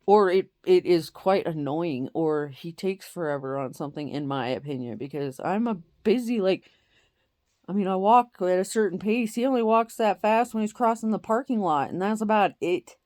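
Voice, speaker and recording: A woman's voice: on the low side, animated, normal speed, a little mellow, no echo, clean studio sound. A woman talking candidly about her marriage and feelings, giving motivational advice with emphatic repetition and casual swearing. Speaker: self-help speaker.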